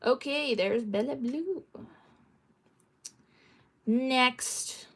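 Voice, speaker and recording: Woman, fairly high voice, casual livestream chat, reads chat aloud, giggly, playful mock yelling. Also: extremely slow, slightly rough. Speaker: streamer reading chat.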